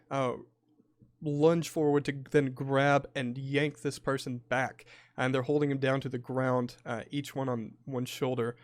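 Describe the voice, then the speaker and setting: A man's voice: medium pitch, no room sound, studio quality. A man running a tabletop horror game, narrating scenes in detail with frequent filler words. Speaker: game master.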